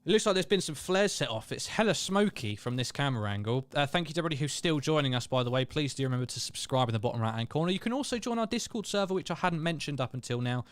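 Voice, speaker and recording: A man's voice: fairly high pitch, expressive, fast, hardly any pauses, dry recording. A young man hosting a live match watchalong, chatting casually, reading viewer comments and calling the play. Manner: chatty, self-deprecating, reads out viewer comments.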